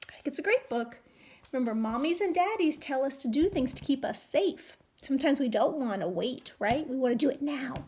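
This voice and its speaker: A woman teacher reading a picture book aloud to young children, animated and full of questions. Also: high voice. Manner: animated, questioning, sing-song.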